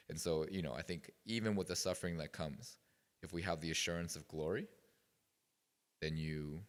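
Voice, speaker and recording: A man's voice: a bass voice, big-room sound. A man speaking as a guest at a youth retreat, telling stories in a rambling, casual way with many fillers. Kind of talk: casual talk to a youth group. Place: retreat meeting room.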